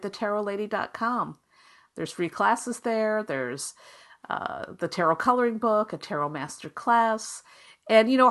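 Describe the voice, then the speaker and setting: A woman's voice: mid-range voice, a bit bright. A woman hosting a solo tarot podcast, talking in an upbeat, encouraging, conversational way. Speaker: podcast host, tarot reader.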